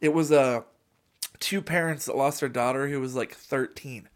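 A young man in casual podcast chat, telling a funny story with lots of laughter and quick mimicry of other people. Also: mid-range voice, steady tone.

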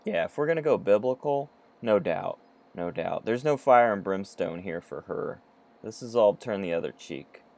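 Dude in his 30s ranting about a kids show, low voice but swings all over, swears a lot, sarcastic. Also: moderate pace. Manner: sarcastic, profane, animated, acts out characters. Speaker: podcast co-host. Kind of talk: casual chat.

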